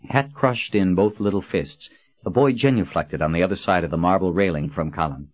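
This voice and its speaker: A man narrating an audiobook in a measured storytelling manner. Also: deep voice, dry recording, lo-fi sound. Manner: measured storytelling with expressive character voices.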